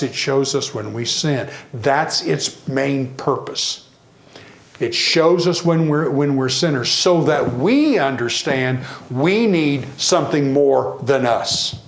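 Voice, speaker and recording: A man preaching a sermon in a church, animated, varying his pace and acting out the people he quotes. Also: medium pitch, slow, creaky, echoey room. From Tennessee.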